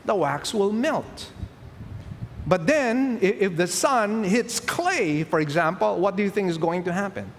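High-voiced male preacher in a reverberant hall. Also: animated, measured pace. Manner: asks the congregation rhetorical questions and answers them. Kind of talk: sermon. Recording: long hall reverb with faint ambient noise.

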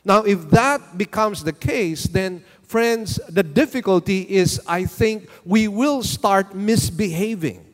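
Man, pastor, high-pitched voice, unhurried deliberate sermon, long hall reverb. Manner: slow, deliberate preaching with questions to the congregation.

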